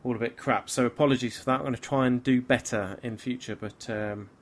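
Tired, grumbling podcast host. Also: male voice, mid-range voice, fairly even intonation, brisk. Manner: weary, grumbling, self-mocking. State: tired and a bit tipsy. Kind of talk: casual podcast chat.

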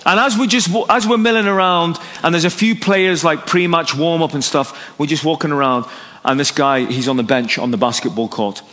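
A man's voice: a little high, fairly quick. A man preaching an evangelistic sermon, telling a story and acting out its dialogue. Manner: animated, story-driven, acts out dialogue. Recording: long hall reverb.

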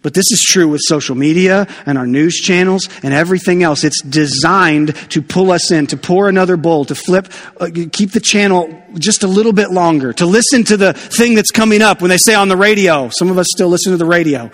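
A man preaching a sermon in a church, chatty and animated with jokey asides. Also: sits high, brisk, long reverb tail. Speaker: pastor.

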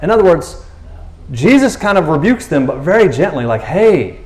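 A man's voice: on the high side, brisk, echoey room. A man preaching a sermon as pastor, telling the story in a casual, joking way and acting out the characters' lines. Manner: animated, jokey storytelling with acted-out dialogue. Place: church.

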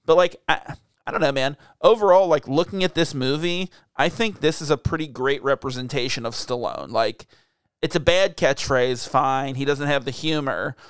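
A man's voice: medium pitch, moderate pace, a bit bright, smooth, no echo, clean studio sound. A man co-hosting a casual movie review podcast, rambling with lots of fillers and laughs. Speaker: podcast co-host.

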